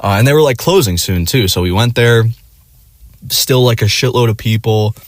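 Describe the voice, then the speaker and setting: A man's voice: mid-range voice, expressive, moderate pace, dry recording. A man telling a rambling personal story in casual, profane language, laughing along as he goes. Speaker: vlogger.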